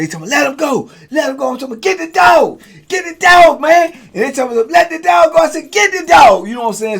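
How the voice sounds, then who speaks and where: A middle-aged man telling a prison story in casual talk. He acts out the guards and himself in loud high bursts and drops low and quiet for asides. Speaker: storyteller host.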